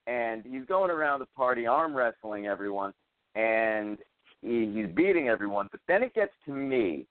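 A man's voice: mid-range voice, animated, moderate pace, no room sound. Man, radio host, casual banter, rambling, crude jokes, tinny phone-like sound, dry.

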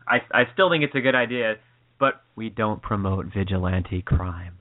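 A man co-hosting a call-in internet radio show, chatting casually with dry, deadpan humor. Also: on the low side, moderate pace. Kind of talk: casual chat. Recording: phone-like band-limited audio.

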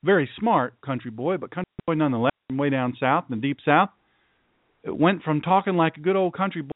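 A man's voice: a little high, fairly quick, no room sound. A male radio host giving an earnest, folksy, preachy monologue with emphatic repeated phrases. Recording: dry, tinny phone-like sound.

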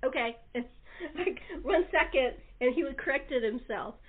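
A woman hosting a chat show, telling stories in a lively way and laughing often, heard over a phone-line recording. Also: sits high, unhurried, breathy edge. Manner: laughing, animated storyteller. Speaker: talk show host. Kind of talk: casual chat.

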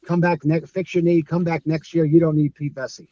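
Speaking a little high and at a brisk clip, a middle-aged New Yorker from Brooklyn tells lively stories as an interview guest. The former streetball player mimics the people he quotes and laughs frequently. The lo-fi recording has no echo.

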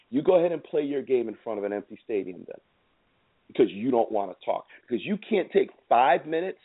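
A man's voice: medium pitch, breathy edge. A man hosting a sports show, ranting in a heated, repetitive and emphatic way. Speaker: show host. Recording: tinny phone-like sound.

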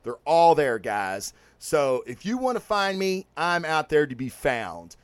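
A man's voice: a little high, sing-song, a little slow, no room sound. A male podcast host giving comic reviews and sign-off plugs in a loose, swearing, rambling way. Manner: profane, rambling and hyped.

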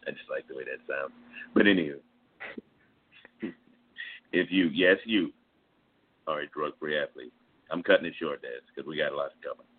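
Very deep-voiced goofy man on a phone line. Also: normal speed, pauses often, slightly rough. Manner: playful, goofy. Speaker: co-host. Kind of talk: casual radio show chat.

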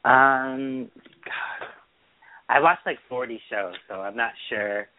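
A man's voice: fairly low pitch, expressive, unhurried. A man co-hosting a casual chat show, giving blunt, grumbling opinions. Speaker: podcast co-host. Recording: tinny phone-line sound.

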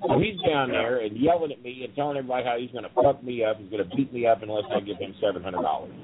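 A man's voice: medium pitch, racing, a crowd in the background. Blunt, profane man on a phone line. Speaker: wrestling business guest. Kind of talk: storytelling over the phone.

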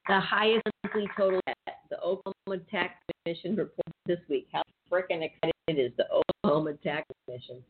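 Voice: medium pitch, a little hiss or hum. A radio show host who reads out news items and then riffs on them casually, with swearing and laughter. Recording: tinny phone-like sound.

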